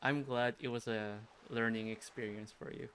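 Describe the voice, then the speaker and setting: A man casually commenting on his game stream, sarcastic and quick to swear or laugh. His voice is bright and forward, with faint noise behind it. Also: mid-range voice, fairly even intonation.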